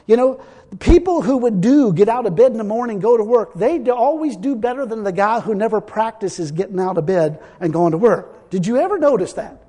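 A man's voice: very high-pitched, a little mellow, big-room sound. A man preaching a sermon in a folksy, emphatic way, repeating his points.

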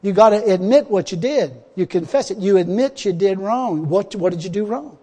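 A male preacher with a notably high voice delivers a folksy sermon, laughing often and building to loud, urgent appeals. His voice rings out through a church hall with a long reverb tail. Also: animated, moderate pace, few pauses, breathy edge.

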